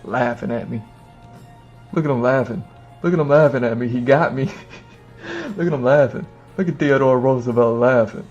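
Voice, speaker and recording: A man streaming live, giving loose slangy reaction commentary, excitable and often breaking into laughter. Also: mid-range voice, moderate pace, long pauses. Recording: muffled, with music behind.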